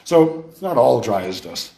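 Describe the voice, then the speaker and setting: A man's voice: medium pitch, very animated, moderate pace, creaky, dark tone. A man with an Irish accent giving a university lecture, explaining step by step with rhetorical questions and a playful touch. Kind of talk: classroom lecture. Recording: echoey lecture room.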